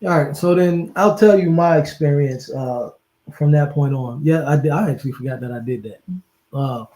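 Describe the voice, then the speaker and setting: A man in a casual chat, relaxed and joking as he tells his side of the story. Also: a little high, normal speed, rough recording. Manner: relaxed, joking, laid-back. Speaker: guest, her partner.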